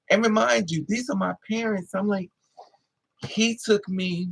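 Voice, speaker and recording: A man vlogging, telling a personal story in an animated, emphatic way with plenty of swearing. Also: high voice, measured pace, vocal fry, slightly rough, poor audio.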